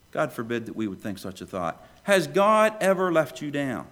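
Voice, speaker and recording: Male preacher, sermon delivery, animated pitch, loud pleas dropping to hushed lows. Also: fairly quick, hardly any pauses. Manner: animated preaching, swings between loud questions and hushed low lines. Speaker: pastor.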